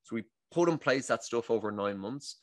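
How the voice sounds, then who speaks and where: An Irish man, a breath coach and guest, telling his story in a casual, animated interview and acting out what others said. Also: mid-range voice, moderate pace, no room sound. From Ireland. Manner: animated, acts out quoted dialogue, frequent restarts.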